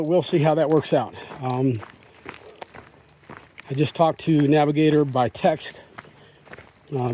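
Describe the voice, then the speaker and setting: A medium-pitched man records a hiking vlog on a forest trail, the audio carrying a little hiss or hum. Holding his phone, he rambles casually, chats away, and talks softly to the deer.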